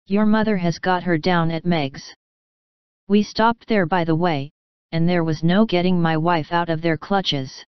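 A woman's voice: lowish voice, steady tone, a little slow, clean tone, dry recording, muffled recording, lightly acted. A woman reading aloud, voicing a cheerful, mischievous young man who has just married, in a teasing, playful way.

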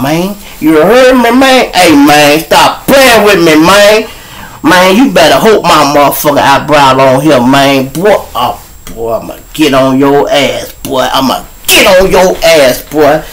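Man, Chicago accent, show host, profane storyteller, lively pitch. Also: poor audio. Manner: profane, animated, addresses viewers directly. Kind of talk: storytelling monologue.

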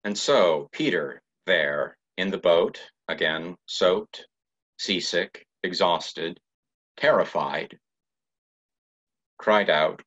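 Guest pastor, male, deep voice, slow deliberate sermon delivery, muffled lo-fi church recording. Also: a bit bright. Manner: measured, reflective preaching with pauses. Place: church sanctuary.

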